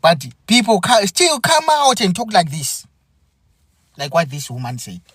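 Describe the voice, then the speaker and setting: A man delivers an impassioned podcast monologue, slow and deliberate. His somewhat high voice swings widely in pitch as he repeats phrases and restarts mid-thought. The sound is dry and close. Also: wildly swooping pitch, fairly bright tone, husky, no echo. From Zimbabwe. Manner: earnest and aggrieved, repeating phrases with halting restarts. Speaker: podcast host.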